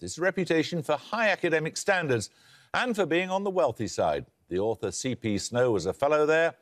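A man hosting a televised quiz show, reading questions and introductions in a crisp, precise manner with dry wit. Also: mid-range voice. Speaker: quizmaster.

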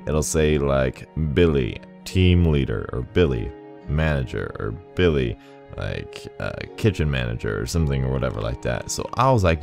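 A man with a bass voice hosts a gaming video, chatting casually, rambling and laughing often while he plays, with faint game music in the background. He speaks at normal speed in a sing-song way, a little mellow, with some vocal fry.

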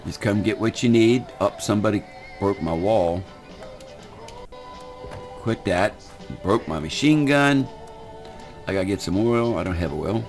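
Older man, low-pitched, folksy rambling game commentary, faint music behind. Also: lively intonation, moderate pace, long pauses, a little mellow. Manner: folksy, rambling, repeats words. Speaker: gaming channel host.

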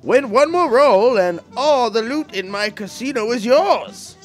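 A man hamming up a booming gangster devil. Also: big pitch swings, faint music behind, full character voice. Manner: loud, hammy, drawn-out threats. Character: booming sleazy devil casino boss, 1930s gangster.

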